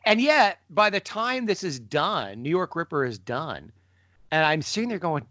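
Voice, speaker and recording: A middle-aged man co-hosting a podcast, telling stories in a lively way and jumping up in pitch when he mimics people. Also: normal speed, no room sound. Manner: animated storyteller, mimics voices with sudden pitch jumps. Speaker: podcast co-host. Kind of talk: casual conversation.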